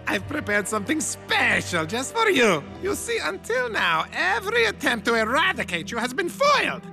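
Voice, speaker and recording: Melodramatic cartoon villain, nasal and gravelly, high and lively, music underneath. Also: male voice, moderate pace, full character voice. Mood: scheming. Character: scheming evil male scientist, theatrical and whiny. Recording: cartoon soundtrack with music behind.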